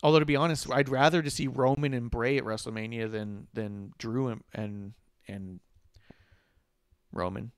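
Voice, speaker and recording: Smooth-voiced man rambling in casual chat. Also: medium pitch, steady tone, normal speed, no room sound, clean studio sound. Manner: rambling, swears freely, chuckling. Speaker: podcast co-host.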